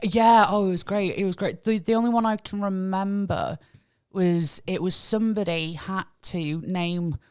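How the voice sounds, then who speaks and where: A woman's voice: medium pitch, fairly even intonation, normal speed, a little mellow, clean tone. A woman co-hosting a podcast, talking candidly and bluntly in casual chat, swearing now and then. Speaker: podcast co-host.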